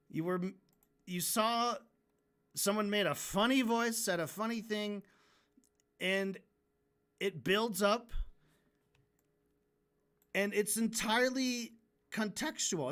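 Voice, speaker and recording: A man's voice: high-pitched, pushed and bright. A man livestreaming while he draws, ranting casually and frankly, swearing and often restarting his sentences. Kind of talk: casual rant during a drawing stream.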